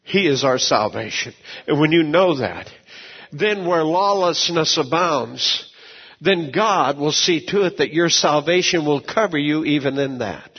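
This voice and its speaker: A man preaching a sermon as pastor, telling folksy stories, repeating words and swinging from low asides to shouted peaks. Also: lively intonation, unhurried, husky, long reverb tail, lo-fi sound.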